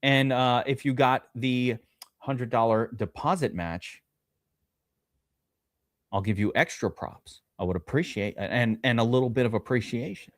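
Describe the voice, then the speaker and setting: Male livestream host, mid-pitched, loose and chatty, dry close recording. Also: a little slow, dry recording. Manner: loose and chatty, reads viewer names aloud, swears casually. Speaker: livestream host drafting fantasy football. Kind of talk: casual livestream chat.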